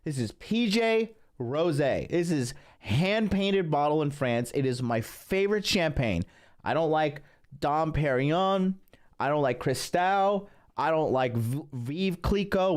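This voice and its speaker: A man's voice: on the high side, animated, a little slow. Profane ranting male stream host. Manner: profane, boastful, rambling with restarts. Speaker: dating coach hosting his own stream. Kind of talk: ranting livestream monologue.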